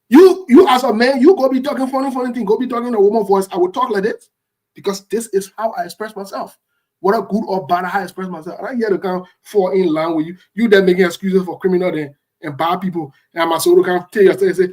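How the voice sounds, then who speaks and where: A man's voice: high voice, quick pace. Liberian guy ranting on a talk show, defiant, keeps repeating himself to drive it home. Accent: Liberian English. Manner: forceful, repetitive, defiant. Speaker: co-host. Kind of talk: heated political commentary.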